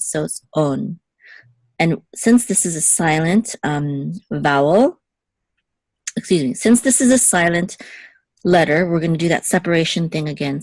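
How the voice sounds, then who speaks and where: Low-voiced woman teaching Hebrew patiently. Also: a little mellow, dry recording. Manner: patient, checks in with okay. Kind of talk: one-on-one language lesson.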